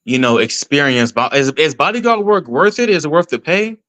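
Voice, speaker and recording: A man hosting a casual podcast chat, asking short, relaxed questions. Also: fairly high pitch, brisk.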